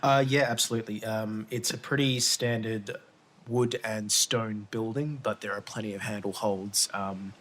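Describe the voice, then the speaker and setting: Relaxed man narrating as game master. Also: on the low side, normal speed, a little hiss or hum.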